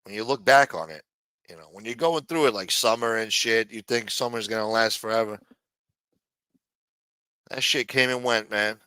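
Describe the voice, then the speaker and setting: A man rambles through a casual livestream, cursing freely and ending half his sentences with "man." His voice is bright and forceful, and the sound is close and dry. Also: on the low side, moderate pace, long pauses, clean tone, dry recording. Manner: rambling, profane, says "man" a lot. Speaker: livestream host.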